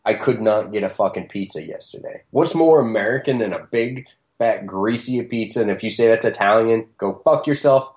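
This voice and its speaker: Profane low-voiced ranting man. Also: expressive, moderate pace, darkish tone. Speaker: podcast co-host. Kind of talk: crude comedic chat.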